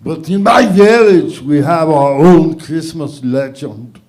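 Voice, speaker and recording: A man doing an impression of a gruff action-star strongman with a put-on Austrian German accent, telling a village tale slowly with many fillers. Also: a little high, darkish tone. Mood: deadpan. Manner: slow, halting delivery with many fillers. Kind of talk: stand-up celebrity impression.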